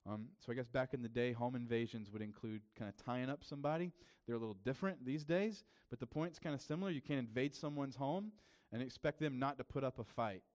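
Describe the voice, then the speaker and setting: A man's voice: mid-range voice, fast talker, darkish tone. A young adult man preaching a sermon as a pastor in a casual, conversational way, with many fillers.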